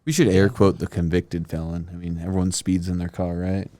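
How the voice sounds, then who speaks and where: A man's voice: low-pitched, level tone, brisk, mellow, no echo. A man hosting a podcast, chatting casually and making jokes with his guests. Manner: joking, easygoing. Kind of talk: casual chat.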